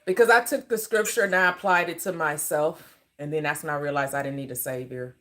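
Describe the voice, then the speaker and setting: A woman's voice: sits low, steady tone, brisk, a bit bright. Blunt laughing woman live-stream host. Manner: blunt, laughing, talks back to chat. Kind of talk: casual live chat.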